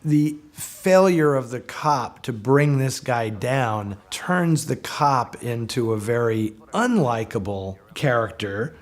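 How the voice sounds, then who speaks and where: Animated man telling film stories. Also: medium pitch. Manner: animated storyteller, acts out quotes. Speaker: film historian. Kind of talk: documentary interview.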